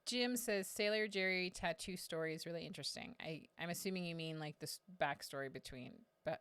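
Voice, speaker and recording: A woman with a notably low voice co-hosts a casual live chat, reading out viewer comments. She teases in a dry, deadpan manner. Her voice is close and dry. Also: brisk, clean tone, no echo.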